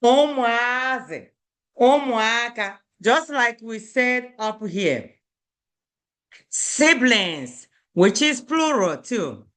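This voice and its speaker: A woman's voice: fairly high pitch, very animated, very slow, a bit bright. A woman teaching a beginner language lesson, repeating each word and checking in with "okay?".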